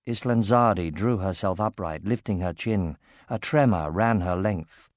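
Low-voiced man reading a fantasy audiobook. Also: measured pace, no room sound, studio quality. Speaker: narrator.

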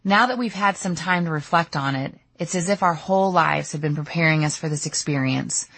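A woman's voice: low-pitched, fairly quick, fairly bright tone, breathy edge, no room sound. A middle-aged woman narrating her own audiobook memoir in a candid, storytelling way. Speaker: author reading her memoir.

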